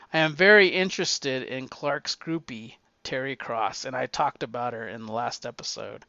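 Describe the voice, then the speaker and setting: A man's voice: a little high, fairly bright tone, no room sound, lo-fi sound. A man casually rambling through his recent comic book reads, enthusiastic and full of restarts.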